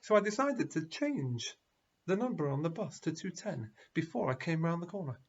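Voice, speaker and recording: A man putting on a tired male bus driver who stammers and hedges. The voice sits higher and has a husky edge. The recording is dull and lo-fi. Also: sing-song, normal speed, heavily acted. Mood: confiding. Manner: stammering, pleading, reluctant. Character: weary male bus driver, apologetic then candid.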